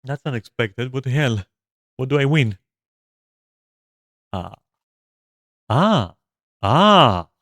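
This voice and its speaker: A man's voice: medium pitch, sing-song, slow, pauses often, fairly bright tone, dry recording. Rambling, swearing man streaming a game. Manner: rambling, profane, with frequent fillers. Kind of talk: casual gameplay commentary.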